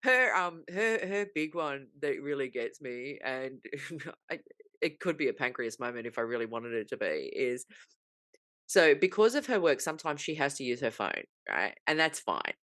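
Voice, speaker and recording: A woman's voice: extremely low pitch, normal speed, no echo, studio quality. A woman co-hosting a casual podcast chat, telling stories with lots of swearing and acting out the other people's lines. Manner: animated storytelling, acts out quoted voices, swears freely. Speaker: podcast co-host.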